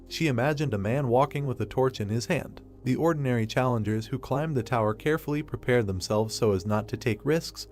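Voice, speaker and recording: A man narrating a story recap from a script, reading at a steady, even pace. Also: mid-range voice.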